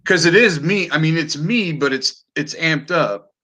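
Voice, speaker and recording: A man's voice: on the high side, unhurried, bright, forceful tone. A man hosting a podcast, chatting casually and animatedly, swearing freely and often restarting his sentences. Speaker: podcast host. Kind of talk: casual chat.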